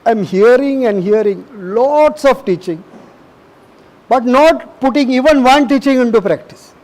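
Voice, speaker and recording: Middle-aged male preacher, high-pitched, emphatic and repetitive sermon delivery. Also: lively intonation, a little slow, darkish tone, low-quality recording. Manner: emphatic, repetitive, asks the audience questions.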